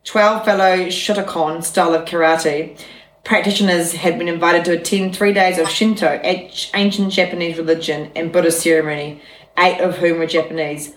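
A woman with a fairly low voice reads a memoir aloud for her podcast audience. Her delivery is steady, with casual asides slipped in between passages. The room around her is echoey. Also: moderate pace. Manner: steady reading voice broken by chatty laughing asides.

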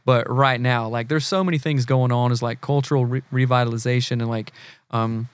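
A man's voice: mid-range voice, brisk, smooth. A man in his forties from the US South with a Southern accent, a counselor earnestly explaining ideas in a casual podcast talk. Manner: earnest, animated, acts out quoted people. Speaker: guest, family counselor.

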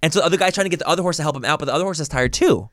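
A young man talks fast in a casual podcast chat, swearing and piling on fillers as he rambles through a story. His voice sounds close and dry, with no room around it. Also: on the high side, fairly bright tone, no room sound. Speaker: podcast co-host.

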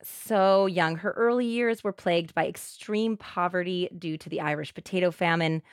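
A woman co-hosting a podcast, telling a true crime story in an animated, expressive way. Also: fairly low pitch, normal speed, clean tone, no room sound, clean studio sound. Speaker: podcast co-host.

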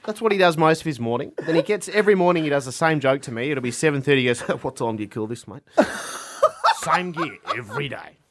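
A man's voice: fairly high pitch, lively intonation, fast, background noise. A man, a radio producer, cheekily gossiping about a colleague.

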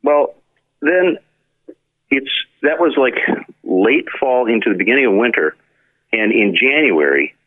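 This effects pedal maker speaks in a mid-range voice at a measured pace, pausing often, with no room sound behind him despite the tinny phone-line quality. As a guest in a relaxed interview, he tells lively stories and performs the quoted dialogue of the people in them.

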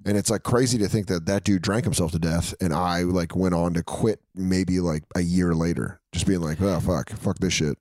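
A man in his thirties, a comedian in casual chat, telling stories animatedly and jumping up high when he quotes people. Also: normal speed, few pauses, no echo. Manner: animated storytelling, jumps up high for quoted voices. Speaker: comedian, podcast host.

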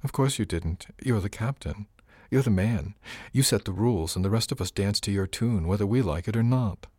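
A male narrator voicing a sharp-witted woman, a ship's chief engineer, who talks to her captain in a gently mocking, exasperated way. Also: lowish voice, expressive, moderate pace, no room sound, clean studio sound. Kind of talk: audiobook character voice.

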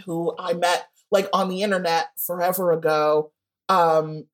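A woman's voice: on the low side, steady tone, a little slow. A woman guest speaking frankly in a casual interview, often acting out what people said to her. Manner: frank and candid, acts out quoted voices. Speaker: guest author.

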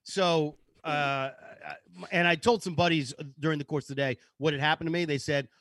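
A man, a co-host, relaxed and chatty as he tells a personal anecdote. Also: on the high side, a little fast. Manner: laid-back anecdote teller. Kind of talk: casual chat.

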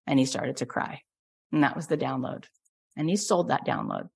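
Middle-aged woman coach, effusive sales pitch, builds to loud emphasis. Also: normal speed, vocal fry, husky. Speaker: coach and program host.

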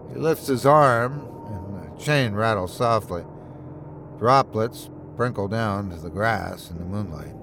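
A man narrating a first-person horror story in a measured, steady storytelling voice. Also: fairly low pitch, gravelly, over music.

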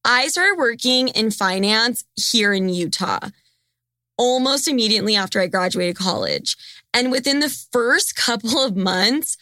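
Brash, bright-voiced young woman host. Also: fairly high pitch, lively intonation, measured pace, no echo, studio quality. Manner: blunt, profane and teasing. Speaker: podcast host. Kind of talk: casual podcast chat.

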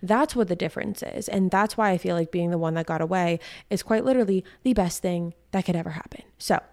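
In a casual podcast monologue, a young female host shares stories in a slangy, talkative way. She speaks fast with a lowish, creaky, slightly mellow voice.

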